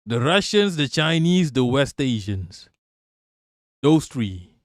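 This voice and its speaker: A man's voice: mid-range voice, big pitch swings, slow pace, dry recording, studio quality. A man hosting a casual political livestream, talking bluntly and profanely and laughing as he reacts to chat. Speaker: livestream host.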